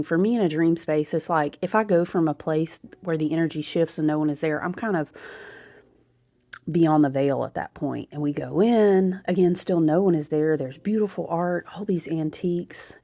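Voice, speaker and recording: A woman speaks in a low, gravelly voice with lots of vocal fry. She tells a story in a chatty, animated way, like a casual vlog. She keeps checking in with her listeners as she goes. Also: dry recording. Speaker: spiritual content creator.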